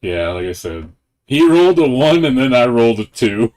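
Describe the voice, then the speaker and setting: A man's voice: fairly high pitch, wildly swooping pitch, unhurried, darkish tone. Profane, laughing male game streamer. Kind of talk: casual live-stream chat.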